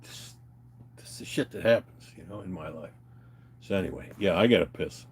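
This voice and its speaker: A man's voice: deep voice, moderate pace, slight background noise. A man venting in a heated, profane rant to his viewers, retelling a phone call. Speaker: vlogger.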